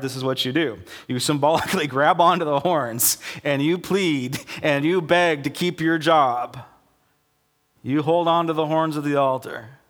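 Middle-aged male pastor, mid-pitched voice, preaching with lively casual storytelling. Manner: animated storytelling, acts out quotes casually. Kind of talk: sermon.

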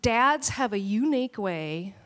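A woman pastor preaching a sermon with animated, storytelling delivery. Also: a little high, measured pace. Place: church hall. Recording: long church hall reverb.

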